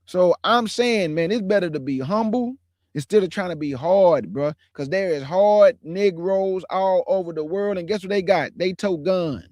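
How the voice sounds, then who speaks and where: A man's voice: high-pitched, normal speed, a little mellow, no room sound. Brief: emphatic man, 40s, slangy streamer testimony, dry close sound. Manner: preachy, emphatic, repeats phrases, slangy street talk. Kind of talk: casual testimony to an online audience.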